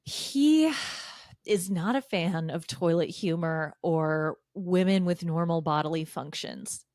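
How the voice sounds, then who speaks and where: A woman co-hosting a podcast, recapping a reality show with dry, deadpan sarcasm. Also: on the low side, takes it slowly, no room sound. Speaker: podcast co-host. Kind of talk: casual recap chat.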